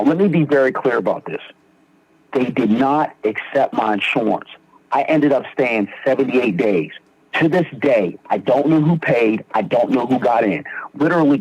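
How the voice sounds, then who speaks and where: Young man from philadelphia, husky voice, animated storyteller, muffled lo-fi sound. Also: medium pitch. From Philadelphia, Pennsylvania. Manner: animated storyteller, acts out quoted dialogue. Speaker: guest sharing his recovery story. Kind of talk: storytelling in a recovery podcast interview. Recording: dull lo-fi sound.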